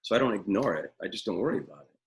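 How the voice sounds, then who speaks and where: A man's voice: fairly low pitch, expressive, very fast, poor audio. A middle-aged man teaching acting in a live webinar from a room at home, talking in an opinionated, rambling way with many fillers.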